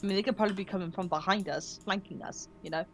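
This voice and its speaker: A woman at a tabletop game reasons through tactics in a steady mid-range voice. A faint hiss sits behind her. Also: mid-range voice, very fast, creaky. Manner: thoughtful, tactical. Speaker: player. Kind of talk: casual tabletop play.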